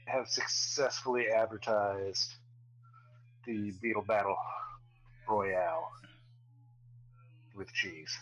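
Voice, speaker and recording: A man talks slowly and unhurriedly while laying out plans in a tabletop game. His voice is bright with a breathy, husky edge. The talk is laid-back and casual. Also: on the low side, fairly even intonation, lo-fi sound. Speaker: player. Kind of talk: casual tabletop role-play.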